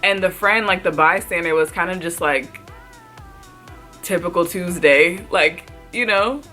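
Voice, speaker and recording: A woman vlogger telling a storytime, chatty and excitable, with lots of "like" and her voice jumping up at surprising moments. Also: on the low side, unhurried, faint music behind. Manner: chatty, fills speech with "like"; excitable, voice jumps up when retelling surprise. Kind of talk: storytime recounting.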